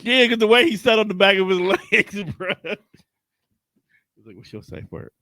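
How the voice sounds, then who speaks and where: A man's voice: high-pitched, normal speed, sharp tone, no echo. A man co-hosting a podcast, chatting casually, joking and laughing easily. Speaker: podcast co-host. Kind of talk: casual chat.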